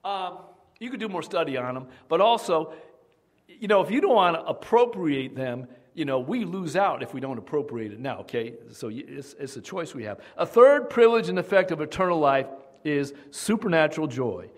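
A man's voice: on the high side, very animated, moderate pace. A man preaching a sermon as pastor, emphatic and often asking the congregation questions.

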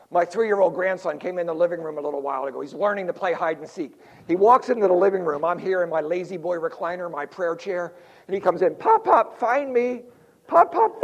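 Older pastor, high-pitched man, playful sermon style with quick jokes and hushed asides. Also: muffled recording. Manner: lively, jokey preaching with sudden drops to quiet asides.

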